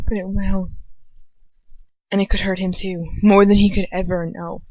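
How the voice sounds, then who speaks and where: A woman's voice: mid-range voice, flat delivery, unhurried, long pauses, dry recording. A woman reads first-person fan fiction aloud, emotive and casual, stopping now and then for chatty asides. The sound is dry and dull, a lo-fi home recording. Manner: emotive, breaks off into giggly asides.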